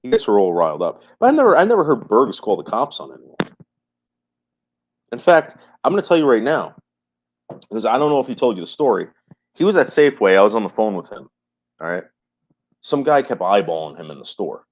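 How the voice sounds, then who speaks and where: A man's voice: fairly low pitch, big pitch swings, fairly quick, pauses often. A man chatting on a livestream, repeating his phrases emphatically and swearing freely. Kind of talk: casual livestream chat. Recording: muffled lo-fi livestream audio.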